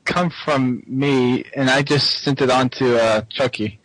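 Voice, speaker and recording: A man's voice: medium pitch, fairly even intonation, a little slow, a bit bright, dry recording, low-quality recording. A man hosting a casual podcast chat, laughing often as he leads the talk. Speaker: podcast host.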